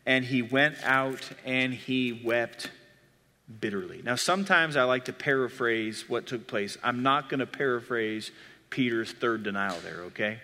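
Man, pastor, sermon, bright voice, expressive scripture reading, long hall reverb. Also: medium pitch, normal speed.

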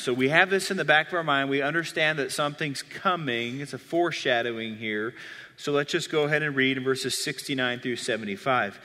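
A man's voice: medium pitch, fairly quick, bright, forceful tone, long reverb tail. A man preaching a sermon, reading scripture aloud and explaining it expressively. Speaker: pastor.

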